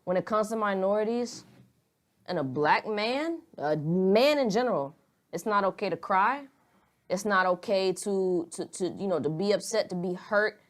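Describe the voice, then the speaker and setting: A woman's voice: medium pitch, expressive, normal speed. A young woman, talking candidly and at rambling length in a casual podcast chat, swearing freely. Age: young adult.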